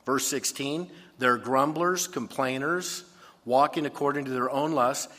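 A man preaching a sermon in an animated way, sometimes acting out complaining voices. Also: medium pitch, measured pace, long reverb tail. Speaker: pastor.

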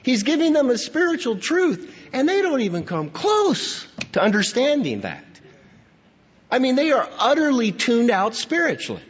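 A man's voice: extremely high pitch, huge pitch swings, moderate pace, slightly rough, in a large hall, muffled recording. A male pastor preaching earnestly and emphatically, reading scripture and asking rhetorical questions.

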